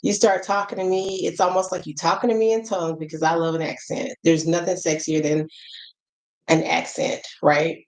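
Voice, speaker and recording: Middle-aged American woman with an African American English accent, lower register, frank and chatty, vlog to camera. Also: flat delivery, normal speed, darkish tone, low-quality recording. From United States. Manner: chatty, frank, lots of fillers and asides. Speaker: travel vlogger. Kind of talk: casual advice chat to camera.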